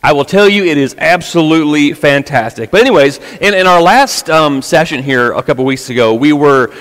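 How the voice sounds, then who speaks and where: A man's voice: fairly high pitch, fairly quick, fairly bright tone. A man preaching an informal sermon to a youth group in a casual, conversational way, often repeating words as he goes. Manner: conversational, with many repetitions and fillers. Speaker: pastor. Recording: church hall with long reverb.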